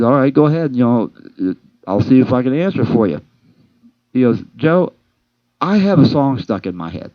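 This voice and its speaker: A man's voice: mid-range voice, no echo. A man telling rambling comic stories from his job, acting out the dialogue with lots of fillers and restarts. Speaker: amateur comedian telling work stories. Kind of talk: casual storytelling monologue. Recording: dull lo-fi homemade recording, dry.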